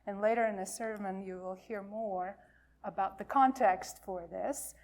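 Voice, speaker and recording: A woman minister reading a folktale aloud to a congregation in a slow, expressive storytelling manner. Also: mid-range voice.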